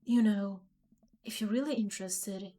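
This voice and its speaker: A woman's voice: mid-range voice, normal speed, warm tone, close to an everyday voice. A woman voicing a dry, matter-of-fact middle-aged woman who works at a dog shelter. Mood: deadpan.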